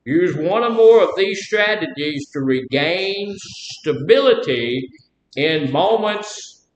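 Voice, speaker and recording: A man with a Southern drawl teaches a live class, folksy and fond of quizzing his listeners. His voice sits a touch high. The room is echoey, with a faint rumble underneath. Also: animated, takes it slowly. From Mississippi. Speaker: class instructor. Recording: roomy echo, faint rumble.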